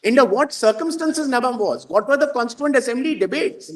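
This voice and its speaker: A man's voice: extremely high pitch, animated, fairly quick. A man with an Indian English accent arguing before the bench as an advocate, formal and insistent, addressing the judges as my lords. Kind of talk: courtroom argument. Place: courtroom. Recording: roomy, far from the mic.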